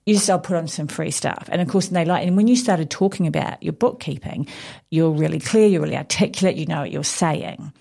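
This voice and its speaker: Woman, 40s, low gravelly voice, energetic talker. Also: fairly quick. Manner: loud, animated, bursts of laughter. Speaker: business owner guest. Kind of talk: casual radio chat.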